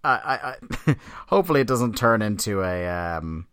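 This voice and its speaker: A man's voice: on the low side, very animated, normal speed, a bit bright, clean tone, dry recording, studio quality. A man hosting a podcast in casual chat, joking and laughing often. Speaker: podcast host.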